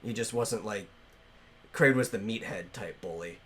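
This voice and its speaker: A man's voice: lowish voice, unhurried, fairly bright tone. A man hosting a casual podcast, talking loosely with lots of fillers and restarts. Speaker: podcast host.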